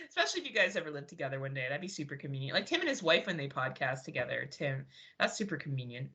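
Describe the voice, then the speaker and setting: Very animated and quick, with a deep, sharp-toned voice, a woman from Canada co-hosts a podcast full of laughter, swearing and meandering banter in casual conversation.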